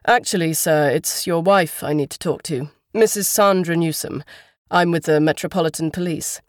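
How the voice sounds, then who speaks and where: Woman reading polite formal cop guy, measured, lowish voice. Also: no echo, studio quality, natural voice. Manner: measured, official phrasing. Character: polite, formal male police constable.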